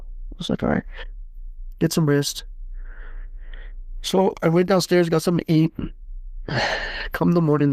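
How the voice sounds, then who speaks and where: Male host, gravelly mid-pitched voice, dry close sound, halting personal testimony with restarts. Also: no room sound. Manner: halting, many restarts and fillers, plain everyday speech. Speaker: podcast host. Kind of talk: personal testimony, casual storytelling.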